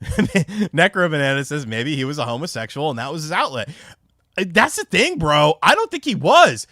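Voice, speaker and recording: A man's voice: a little high, big pitch swings, normal speed, sharp tone, no room sound, studio quality. A young man from North Carolina, chatting on a casual livestream and telling rambling, profane stories full of fillers. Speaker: streamer.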